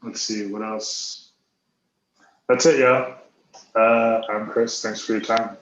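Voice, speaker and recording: A man's voice: fairly low pitch, flat delivery, slow pace. A man doing a hesitant, self-deprecating stand-up set full of ums. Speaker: stand-up comic. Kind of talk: stand-up set on a live stream. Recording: echoey room, dull lo-fi stream audio.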